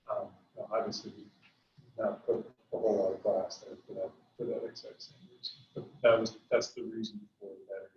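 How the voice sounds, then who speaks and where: Low-voiced guy explaining a school design at a town meeting, distant echoey room, kinda muffled. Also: slight background noise. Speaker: design presenter. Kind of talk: formal presentation answers. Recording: roomy, distant, dull public-access audio.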